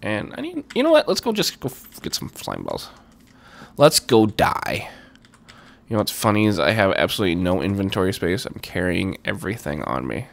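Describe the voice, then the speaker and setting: A man hosting a Minecraft let's play, chatting casually and muttering to himself as he plays, getting loud and excited when he pleads. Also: sits low, fast talker, vocal fry, hardly any pauses. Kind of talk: casual gameplay commentary.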